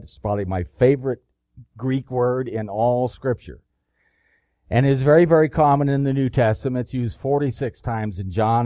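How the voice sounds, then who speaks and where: Slow, deliberate male preacher. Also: mid-range voice, warm tone, no echo, studio quality. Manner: slow, deliberate reading of scripture with emphatic rises. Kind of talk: sermon.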